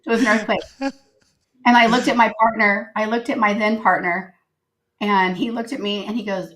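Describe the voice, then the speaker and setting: A middle-aged woman, a podcast guest, telling personal stories in a casual, animated way and acting out the dialogue. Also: medium pitch, normal speed. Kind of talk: casual interview storytelling.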